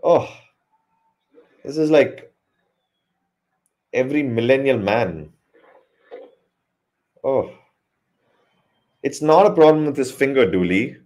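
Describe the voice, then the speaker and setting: A man's voice: mid-range voice, animated, slow, pauses often, a little mellow. A man giving a live cricket commentary hangout, rambling with joking asides and correcting himself mid-sentence.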